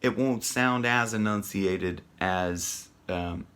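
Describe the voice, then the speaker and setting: A man teaching a casual singing lesson, chatty and rambling with many ums and restarts, breaking off to sing loud rock lines. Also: fairly low pitch, normal speed. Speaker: vocal coach.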